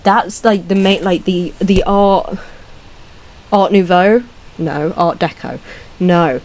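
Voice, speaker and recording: A young British woman hosting a casual ranking video, talking in a scattered, swearing, laughing way and now and then breaking into squeaky voice stims. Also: takes it slowly, darkish tone, a little hiss or hum, rough recording. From Britain. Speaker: video host. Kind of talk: casual solo ranking chat.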